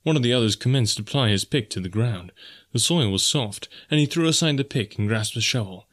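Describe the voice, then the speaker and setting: A man narrating an adventure story in a measured, even manner. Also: medium pitch. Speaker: audiobook narrator.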